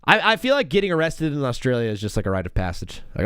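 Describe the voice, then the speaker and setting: A man's voice: on the high side, wildly swooping pitch, quick pace, a bit bright, clean tone, no room sound, studio quality. A young man hosting a live sports stream, rambling and joking in a casual way with lots of "dude" and "bro".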